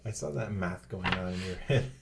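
A man's voice: low-pitched, normal speed, creaky, crowd noise. A man playing a tabletop game, joking crudely and swearing often as he banters. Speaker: player.

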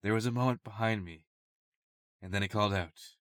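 A man's voice: fairly low pitch, a little fast, a bit bright, no echo, clean studio sound. A man co-hosting a comedy podcast, reading erotica aloud and breaking into giggles. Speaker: podcast co-host.

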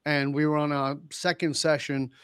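A man who is a leadership consultant, telling client stories on a podcast and acting out the dialogue with lively emphasis. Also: fairly high pitch, normal speed, clean tone, no echo, clean studio sound. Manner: animated, acts out quoted dialogue. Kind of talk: podcast interview storytelling.

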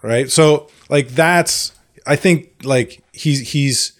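A man co-hosting a casual movie podcast, talking in an animated way with many restarts. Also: medium pitch, slow pace. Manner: animated, restarts often, acts out quotes. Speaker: podcast co-host. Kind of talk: casual chat.

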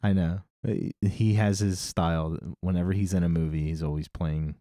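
A man's voice: sits low, steady tone, moderate pace, mellow, dry recording, clean studio sound. A man casually discussing a movie on a podcast, rambling and retelling scenes with laughs. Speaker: podcast host.

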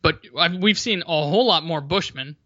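A man co-hosting a sports podcast, talking in a measured, analytical way, recorded on a dull, dry lo-fi mic. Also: on the high side, pushed and bright, dry recording. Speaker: podcast co-host. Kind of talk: casual sports chat.

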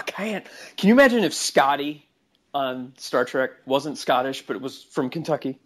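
A man's voice: medium pitch, expressive, moderate pace. A man hosting a podcast in casual chat, joking and playful. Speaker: podcast host.

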